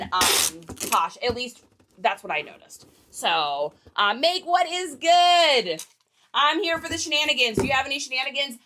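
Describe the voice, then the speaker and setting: A woman's voice: on the high side, noisy background. A young woman hosting a casual reselling livestream, chatting and joking with viewers while packing orders. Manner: chatty, joking, reads viewer comments aloud.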